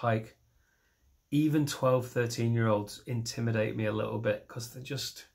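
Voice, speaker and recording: A middle-aged comedian rambling through his set in a self-mocking way. He sits at an ordinary middle pitch and keeps breaking off into little asides. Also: steady tone, normal speed, gravelly. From northern England. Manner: self-deprecating, rambling, mixes in silly voices. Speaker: stand-up comedian.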